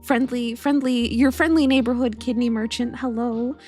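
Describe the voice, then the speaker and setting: A young woman with a high, bright-pitched voice talks casually on a live stream from her room. She rambles, restarts her sentences and giggles as she greets viewers one by one. Soft music plays faintly underneath. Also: fairly even intonation, moderate pace.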